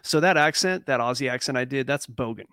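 A man's voice: medium pitch, fast, fairly bright tone, smooth, no room sound, studio quality. Joking male co-host telling stories. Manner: joking, tells stories with goofy voices. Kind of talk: casual podcast chat.

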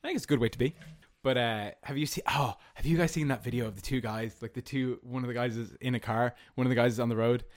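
A young man with an Irish accent hosts a loose chat among friends, musing out loud and circling back with lots of "like" and "you know". His voice sits at an ordinary middle pitch. The sound is dry and close, with no room around it. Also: steady tone, fast talker, dry recording. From Ireland. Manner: rambling, reflective, full of fillers. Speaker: podcast host. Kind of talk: casual chat.

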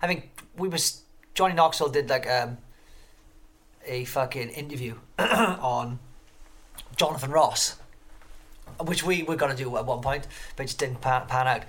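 A man's voice: medium pitch, moderate pace, long pauses, a bit bright. Profane, rambling male interview guest. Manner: swears constantly. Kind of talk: casual interview chat.

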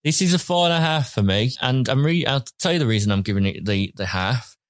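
A man in casual podcast chat who trails off and restarts his sentences as he goes. His voice sits at a mid pitch. The sound is dry and close. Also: lively intonation, a little fast, dry recording. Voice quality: rambling, hesitant phrasing. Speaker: podcast co-host. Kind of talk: casual chat, reviewing a series.

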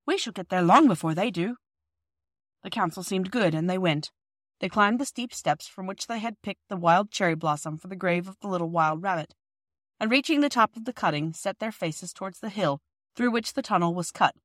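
A woman's voice: mid-range voice, moderate pace, no room sound, clean studio sound. Woman reading a children's classic aloud. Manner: acts out dialogue with lively voices. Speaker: audiobook reader.

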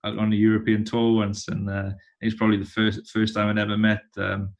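A man in his thirties with a lowish voice chats casually as a guest. He rambles and repeats himself, circling back through his stories. The delivery is relaxed and conversational. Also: lo-fi sound. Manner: rambling, halting, many restarts. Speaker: touring musician, guest.

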